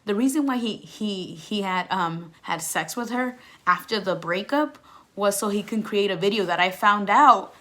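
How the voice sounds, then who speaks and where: A woman's voice: medium pitch, lively intonation, moderate pace. Candid young woman telling her story. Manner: candid and emphatic, leaning heavily on "like" and "you know"; swings from loud outbursts down to soft near-whispers. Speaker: vlogger. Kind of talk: personal storytime vlog.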